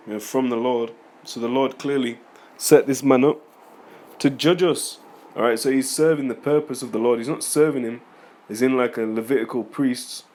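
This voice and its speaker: Casting: man, mid-pitched, informal scripture teacher, rambling, argumentative, talks back to critics. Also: a little mellow. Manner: rambling, conversational, reads scripture aloud then comments; argumentative, addresses critics directly. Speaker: religious teacher.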